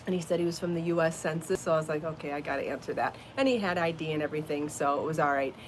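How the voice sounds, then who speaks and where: A woman's voice: deep voice, racing, slight background noise. A woman hosting a casual live podcast from home, chatty and bubbly, laughing often as she talks. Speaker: podcast host and crochet designer. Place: home, then out in her garden.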